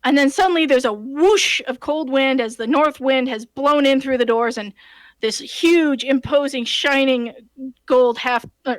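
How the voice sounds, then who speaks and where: A woman game master casually retelling a tabletop session in an animated way, with many fillers and restarts. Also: high voice, no echo. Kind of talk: casual storytelling.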